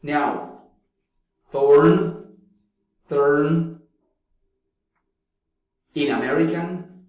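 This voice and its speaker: Slow, echoing male teacher. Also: mid-range voice, darkish tone. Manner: slow, demonstrating pronunciations by repeating words. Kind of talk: phonetics lecture. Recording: very echoey room.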